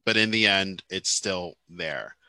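A man co-hosting a casual chat, emphatic, often repeating himself, sometimes dropping into quiet explanation. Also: deep voice, measured pace, dry recording. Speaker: podcast co-host.

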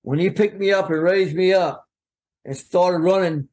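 An older man spins a rambling, folksy story as a guest. His voice sits a little high, and he jumps into quoted voices as he goes. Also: moderate pace, a little mellow. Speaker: guest, veteran wrestling referee.

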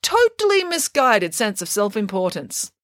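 A woman's voice: mid-range voice, big pitch swings, a little slow, a bit bright, dry recording, clean studio sound, pitched above the performer's own voice. A woman voicing a self-important, cake-loving female pig nanny in a storybook, talking theatrically with dramatic sighs. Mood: grandly opinionated. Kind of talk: storybook character voice.

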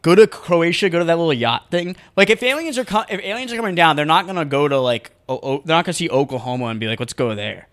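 A man's voice: a little high, expressive, fast, few pauses, fairly bright tone. A young man co-hosting a casual podcast, rambling through his points with frequent restarts and laughs. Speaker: podcast co-host. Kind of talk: casual chat. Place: small hot home studio.

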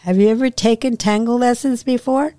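A woman voicing a chatty, soft-spoken young female dance instructor who rambles and apologizes. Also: a little high, steady tone, a little fast, dry recording, clean studio sound, voice pushed up, natural voice. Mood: friendly.

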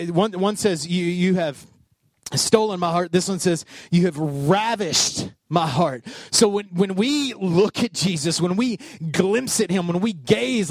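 A man preaching a sermon, animated and conversational, acting out voices and calling out to his congregation. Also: high-pitched, dry recording. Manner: animated storytelling with acted-out voices, calls to the congregation. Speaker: pastor.

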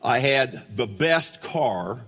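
A man's voice: mid-range voice, expressive, very slow, fairly bright tone, breathy edge. A man giving a folksy storytelling sermon who speaks directly to the audience. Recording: long hall reverb.

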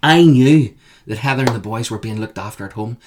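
A man with a Northern Irish accent, a guest telling emphatic, animated stories in an interview. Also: medium pitch, brisk, background noise. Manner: animated, emphatic, repeats the host's name. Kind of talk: storytelling in an interview.

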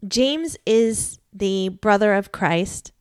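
Slow, candid widowed mother in her forties. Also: mid-range voice, expressive, smooth, no room sound, clean studio sound. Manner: candid and earnest, with rueful laughs. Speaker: widowed mother giving a faith talk. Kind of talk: personal testimony talk.

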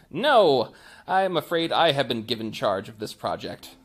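A man's voice: medium pitch, big pitch swings, measured pace, slightly rough, soft background music. A man voicing a smug upgraded AI. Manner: formal, superior. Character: smug upgraded AI assistant, male, calculating. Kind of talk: game master voicing a character.

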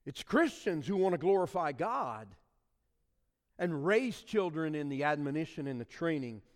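Delivering a sermon in a church sanctuary before the congregation, this pastor stresses and draws out key words. His slightly high voice is very animated and keeps a normal speed, and the hall's long reverb carries through.

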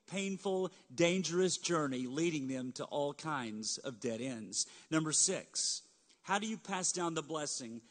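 High-voiced man preaching in a reverberant hall. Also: fairly bright tone. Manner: earnest preaching, addresses listeners as friend, leads the congregation. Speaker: pastor. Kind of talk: sermon.

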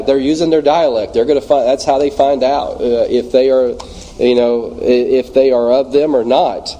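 Mellow-voiced Louisiana man teaching Bible study. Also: medium pitch, low-quality recording. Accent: Louisiana Southern US. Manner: halting, many fillers and restarts. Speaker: church minister leading a Bible study.

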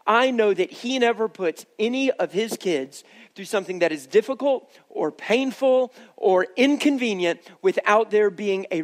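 A male pastor giving a sermon, telling a story in a conversational way and speaking straight to his congregation. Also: high voice.

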